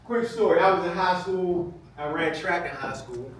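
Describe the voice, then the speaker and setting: A middle-aged man giving a playful, animated storytelling speech to a live audience, laughing often and acting out shouted quotes. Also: sits high, normal speed. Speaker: speaker at an event. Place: event hall with a live audience. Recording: echoey room from far off, noisy.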